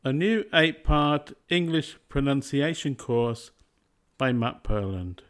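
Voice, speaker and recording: Male teacher for a pronunciation course; scripted, deliberate reads at a very slow pace. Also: medium pitch, expressive, fairly bright tone. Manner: slow and deliberate, carefully spaced words.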